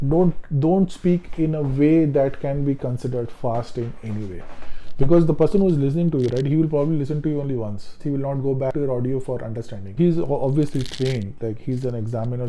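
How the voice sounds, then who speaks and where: A man with a deeply dark, mellow voice walks learners through exam tips at a middling pitch. He talks casually, circles back to repeat his points and fills pauses with ums and uhs. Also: a little hiss or hum, poor audio. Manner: conversational, repeats himself, many fillers. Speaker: test-prep tutor. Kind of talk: casual instructional talk.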